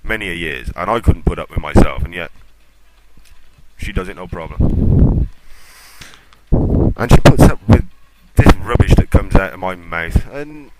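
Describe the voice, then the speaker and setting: Deep-voiced and animated, this tech podcast host talks at a measured pace broken by long pauses. His casual chat wanders off-topic into self-mocking rants, all over loud background noise.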